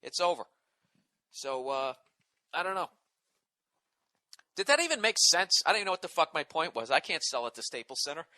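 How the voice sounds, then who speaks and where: A man rants into a close mic in a dry room. His voice sits fairly high, and it has a bright, forceful edge. He is indignant and sarcastic, swearing constantly as he talks to his podcast listeners. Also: sing-song, brisk, pauses often, dry recording. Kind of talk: profane ranting monologue.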